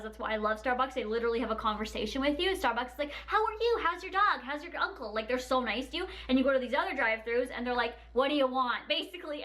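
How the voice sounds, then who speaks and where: A young woman vlogger ranting casually to camera in a sassy, animated way, often laughing and mimicking people. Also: high voice.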